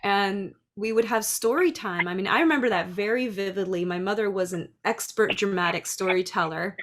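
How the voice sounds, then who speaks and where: A middle-aged woman who teaches dance and preschool, speaking in a chatty, lively way about classroom ideas. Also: mid-range voice, moderate pace, slight background noise. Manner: chatty, lively, acts out little voices. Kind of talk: casual talk.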